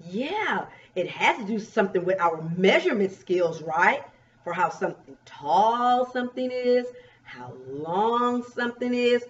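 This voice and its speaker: A woman teacher giving a remote pre-K lesson, drawing out words and asking young children gentle questions. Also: mid-range voice. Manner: slow, drawn-out, coaxing questions to young children. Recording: dull, distant recording.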